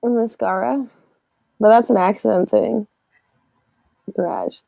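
A relaxed, teasing woman in casual chat, with a gravelly, mellow voice. She is picked up by a dull, muffled mic that sounds close and dry. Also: mid-range voice, takes it slowly, dry recording.

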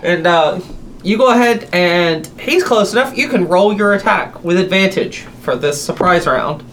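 A game master narrating a tabletop fantasy game in a relaxed, easy way. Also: medium pitch, normal speed, a little hiss or hum.

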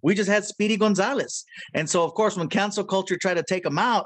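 A man being interviewed as a voice actor, telling animated, jokey stories and laughing at his own lines. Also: high-pitched, fast talker, no room sound. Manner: animated storyteller, drops into character voices. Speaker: guest voice actor. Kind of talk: casual interview.

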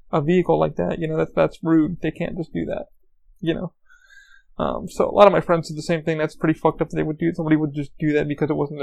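A man's voice: fairly high pitch, gravelly, darkish tone. A man hosting a podcast, telling stories in a casual monologue, swearing a lot and stumbling over repeated words. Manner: profane, repetitive, stammers on restarts. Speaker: podcast host.

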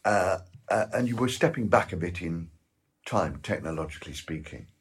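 Husky deep-voiced man with a West Country accent. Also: lively intonation. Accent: West Country English. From West Country of England. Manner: rambling storyteller with halting repeats. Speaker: actor guest. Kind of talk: anecdotal interview chat.

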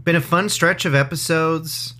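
Guy co-hosting a goofy podcast, bright voice, rambles and cracks jokes. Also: a little high, steady tone, moderate pace. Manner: loose, rambling, jokey. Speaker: podcast co-host. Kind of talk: casual comedy podcast chat.

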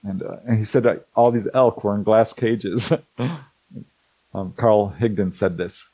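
A middle-aged man telling stories in a casual, animated way, acting out the people he quotes and laughing often. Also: lowish voice, measured pace, breathy edge, no echo, low-quality recording. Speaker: host, author on alien abduction cases. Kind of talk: casual storytelling talk.

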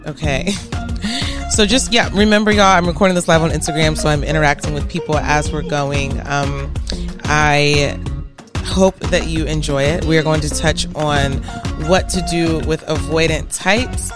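A woman with a fairly low voice hosts a live advice Q&A, speaking casually and emphatically. She repeats her key points and drifts into chatty asides. Faint music plays underneath. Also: steady tone, normal speed. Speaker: podcast host and therapist.

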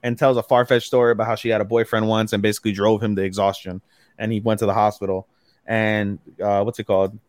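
A man's voice: lowish voice, little pitch movement, quick pace, dry recording. A man co-hosting a podcast, retelling an anime episode with loose, profane energy. He drops in the characters' lines as he goes. His voice sits close and dry on the mic. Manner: swears often, recaps plots with quoted lines. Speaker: podcast co-host. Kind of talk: casual podcast chat.

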